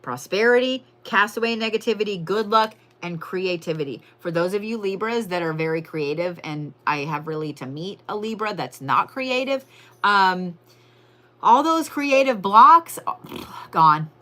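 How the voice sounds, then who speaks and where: Brash, animated woman. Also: mid-range voice, measured pace. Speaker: tarot and zodiac reader, livestream host. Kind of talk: live-stream tarot reading, casual and profane.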